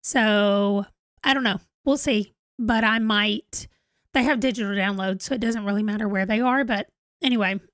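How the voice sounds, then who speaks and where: A woman's voice: medium pitch, normal speed, no echo. A woman in her forties hosting a casual livestream, chatty and rambling as she reads viewer comments aloud. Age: 40s. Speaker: book channel host.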